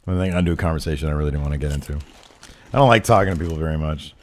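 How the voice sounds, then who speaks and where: A man's voice: a bass voice, racing. A man co-hosting a live wrestling talk show, chatting casually and reading out fan mail with jokey asides. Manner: animated, jokey, reads fan letters. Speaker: wrestling podcast co-host. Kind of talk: casual chat. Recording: live-streamed show set.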